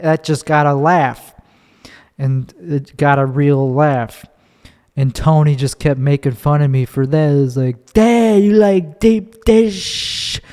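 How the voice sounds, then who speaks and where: A man's voice: mid-range voice, dark tone. A man in his thirties from Chicago, a stand-up comedian hosting his own podcast, telling a story in a rambling, candid way with restarts and swearing. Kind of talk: casual solo storytelling. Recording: long hall reverb.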